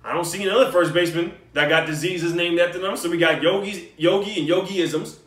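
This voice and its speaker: A man's voice: sits high, fairly even intonation, a little fast, fairly bright tone. Joking New man, roomy distant sound. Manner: joking, swearing, enthusiastic banter. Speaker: vlogger. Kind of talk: casual video response. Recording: roomy echo, mic at a distance.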